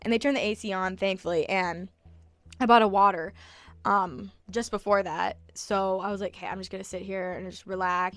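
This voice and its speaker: A young woman in her twenties tells an animated, swear-heavy story straight to the camera, her pitch sitting in a middle range. The sound is dry and close, with no room echo. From United States. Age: 20s. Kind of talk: casual storytelling vlog.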